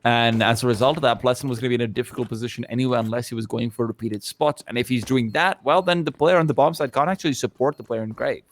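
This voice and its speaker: A man's voice: medium pitch, fast, hardly any pauses. A man casting a live esports match as play-by-play commentator, joking with his partner and rising sharply on big plays. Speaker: esports caster.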